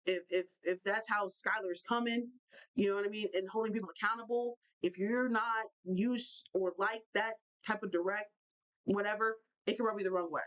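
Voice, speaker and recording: A young woman hosting a live basketball talk show, ranting in an animated way and repeating herself for emphasis. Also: medium pitch, normal speed, low-quality recording. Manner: animated, repetitive, fired-up ranting. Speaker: show host.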